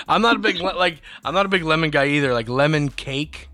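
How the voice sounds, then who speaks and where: A young man co-hosting a podcast, telling stories in a lively casual way and acting out quotes. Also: fairly high pitch, fairly quick, no room sound. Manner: animated storyteller, acts out childhood quotes. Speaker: podcast co-host. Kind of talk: casual chat.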